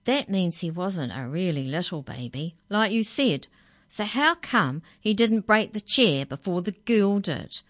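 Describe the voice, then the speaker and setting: A woman's voice: mid-range voice, lively intonation, a little slow, natural voice. A woman voicing a curious, skeptical child who keeps interrupting a story with questions.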